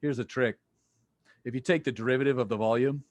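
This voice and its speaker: A man's voice: medium pitch, fast, dry recording. A playful man lecturing on physics over a video call, joking with students as he goes. His voice sits in a middle register. The sound is dry and close, with little room around it. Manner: playful, jokey, quizzes students. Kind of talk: online lecture.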